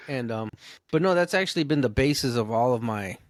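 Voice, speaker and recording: A man's voice: mid-range voice, animated, normal speed, no echo. A man co-hosting a podcast in casual talk, joking and downplaying himself.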